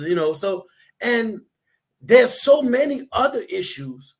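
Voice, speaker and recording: A man co-hosting a casual discussion, talking in a preachy, animated way that rises to near shouts. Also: very high voice, takes it slowly.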